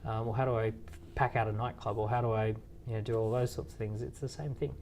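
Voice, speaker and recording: A man in his thirties talks through ideas in an easy, rambling way, stopping and restarting with fillers as he builds each point. His voice sits at an ordinary middle pitch. Faint room ambience hums behind him. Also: fairly even intonation, fast talker, a little mellow, slight background noise. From Australia. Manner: storytelling with quoted dialogue, frequent fillers and restarts. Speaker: entrepreneur guest. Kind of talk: conversational interview answers.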